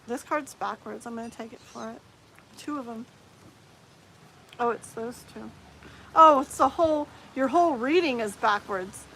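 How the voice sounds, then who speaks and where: Chatty woman tarot reader, slightly high voice. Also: normal speed, creaky, pauses often, breathy edge, poor audio. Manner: chatty, rambling, drops into soft murmurs. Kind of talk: casual live-stream chat.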